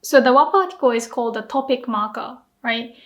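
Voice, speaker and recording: A woman's voice: on the high side, fairly quick. A woman from Japan with a Japanese accent, teaching grammar to camera in a playful way that acts out examples.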